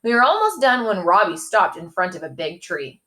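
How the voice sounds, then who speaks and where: A woman reading a children's chapter book aloud, lively and animated, stopping now and then to ask the listener questions. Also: lowish voice, moderate pace. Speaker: storyteller.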